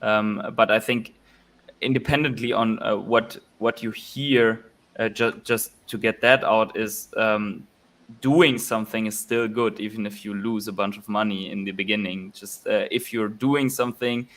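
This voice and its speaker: Male panelist, low flat voice, halting delivery with lots of fillers. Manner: halting, many fillers and restarts. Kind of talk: casual livestream chat.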